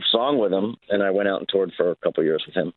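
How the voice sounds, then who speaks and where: A middle-aged man calling in, relaxed and rambling as he tells his stories. His voice comes through a tinny, dry phone line. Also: deep voice, fast talker, no echo. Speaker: guest musician calling in. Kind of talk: casual interview chat. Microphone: phone call.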